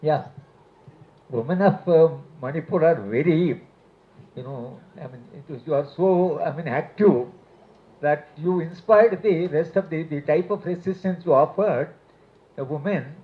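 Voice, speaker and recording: A man speaks at a public gathering in a fairly high voice, rambling and breaking into light laughs between phrases. The audio is narrow and tinny like a phone call. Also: measured pace. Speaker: speaker at a solidarity event. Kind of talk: public speech. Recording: tinny phone-like live stream.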